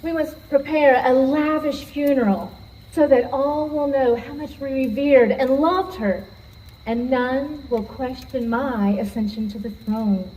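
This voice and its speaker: A woman's voice: sits high, unhurried, warm tone, rough recording. A woman playing a power-hungry, scheming female vizier sorceress in a live stage show, with theatrical, gloating delivery. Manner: gloating and theatrical, turning frantic.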